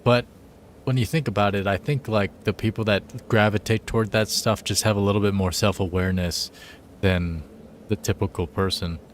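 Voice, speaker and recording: A man's voice: on the low side, steady tone, moderate pace, a little hiss or hum. A tipsy man streaming a game live, chatting in a rambling, profane, loose way. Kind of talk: casual live-stream chat.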